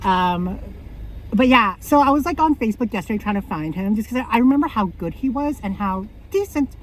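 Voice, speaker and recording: A woman's voice: on the high side, lively intonation, brisk, slight background noise. A woman in her thirties telling stories in a rambling, casual vlog, often correcting herself and laughing. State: out of breath. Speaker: vlogger. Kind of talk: casual chatty storytelling.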